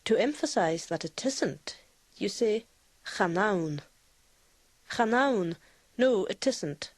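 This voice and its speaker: A woman's voice: medium pitch, animated, a little slow, a little mellow, breathy edge, no echo. A woman narrating a scripted language lesson, explaining phrases and repeating each example. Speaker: language teacher.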